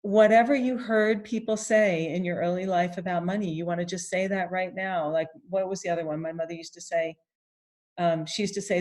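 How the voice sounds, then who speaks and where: A gentle-voiced woman runs a guided tapping exercise. Her phrases are repeated in the first person, with pauses for sighing and deep breaths.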